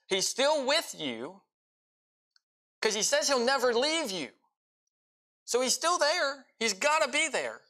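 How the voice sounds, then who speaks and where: A man preaching a sermon with impassioned delivery, swinging between loud pleading and quiet intensity. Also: high voice. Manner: impassioned, rising and falling in volume; emotional.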